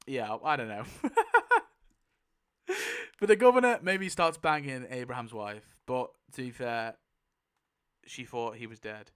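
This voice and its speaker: Excitable, laughing man chatting casually. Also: medium pitch, normal speed, clear, resonant tone. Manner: excitable, laughs often, swears freely. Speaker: YouTube host. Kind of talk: casual chat.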